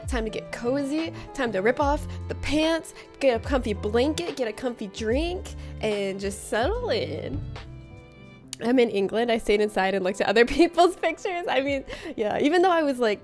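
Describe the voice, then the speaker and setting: A woman hosting a casual livestream from a room at home, reading out viewer comments in a playful, teasing way and laughing often. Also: fairly high pitch. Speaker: livestream host.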